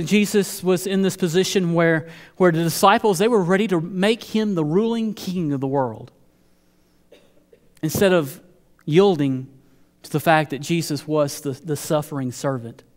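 A male pastor preaching a sermon in a fairly high voice, earnest, restarting phrases as he builds each point. His words ring out with a long echo through the church sanctuary. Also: a little mellow.

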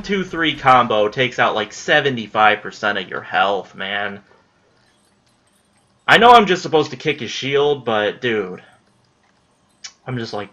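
A man's voice: medium pitch, sing-song, a little slow, long pauses, pushed and bright, muffled recording. A young man giving casual commentary on his own gameplay, frustrated, swearing and muttering at the enemy.

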